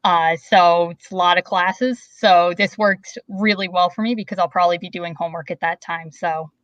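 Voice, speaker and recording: A young woman calling in to a stream, talking in a calm, measured way with dry wit. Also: on the low side, no echo, muffled recording. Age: young adult. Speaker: caller. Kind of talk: casual chat.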